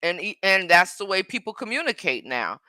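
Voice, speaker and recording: A woman with a drawl speaks straight into her phone from home. Her voice is bright and forceful, and the sound is dry and close. She is emphatic and repeats her points, often answering viewers' comments. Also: medium pitch, very animated, moderate pace, dry recording. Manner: emphatic, repeats herself, talks back to commenters. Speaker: live streamer. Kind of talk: casual live-stream chat. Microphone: phone livestream.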